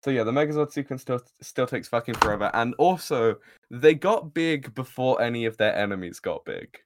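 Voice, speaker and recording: Male podcast co-host, mid-pitched, laughs a lot, loose rambling recap delivery. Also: animated, a little fast. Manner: giggly, rambling, swears freely. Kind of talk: casual chat.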